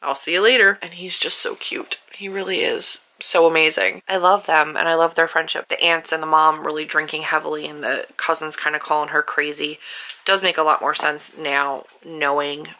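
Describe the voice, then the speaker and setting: A woman's voice: low-pitched, little pitch movement, moderate pace, bright, forceful tone, rough recording. A woman talking casually on her vlog about a book she is rereading, chatty and openly emotional, often saying "like". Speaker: author and book vlogger.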